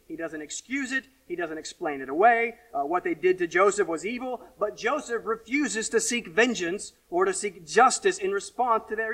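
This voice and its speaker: A pastor giving a sermon, earnest, rising to emphatic questions and falling to quiet asides. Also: male voice, sits high, recorded from a distance, poor audio.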